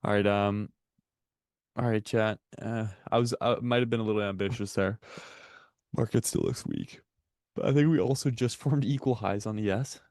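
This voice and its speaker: A man's voice: fairly low pitch, fairly even intonation, fairly quick, a little mellow, dry recording, clean studio sound. A man co-hosting a live trading stream, talking casually and jokingly to his chat. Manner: chatty, joking, addresses chat often.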